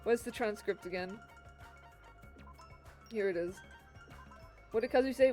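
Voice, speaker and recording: Woman streamer, very high voice, excitable and cursing, game music faint underneath. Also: moderate pace, pauses often. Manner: excitable, swearing, laughing and exclaiming at the game. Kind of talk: live gameplay commentary.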